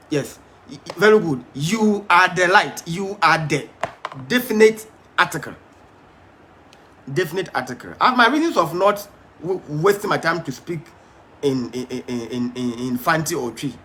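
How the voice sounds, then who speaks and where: Animated, emphatic male preacher. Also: fairly high pitch, a little hiss or hum. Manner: emphatic, repeats words and stumbles; asks the audience questions. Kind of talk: Bible study sermon.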